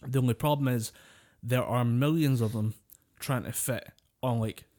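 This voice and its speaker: Warm in tone, mid-range, at a normal speed, this man co-hosts an easygoing podcast. His story comes with plenty of profanity and laughter.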